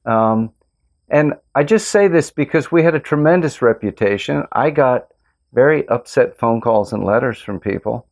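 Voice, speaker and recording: A man who farms organic tomatoes, hosting a casual interview and telling stories in an earnest, relaxed way. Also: mid-range voice, moderate pace. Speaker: host, organic tomato farmer.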